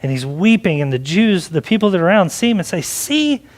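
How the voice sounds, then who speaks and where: A man with a fairly high voice preaches a sermon in a loose, conversational way. He leans on "like" and keeps asking questions as he moves through the passage. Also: animated, quick pace. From Texas. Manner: conversational preaching with many likes. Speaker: pastor.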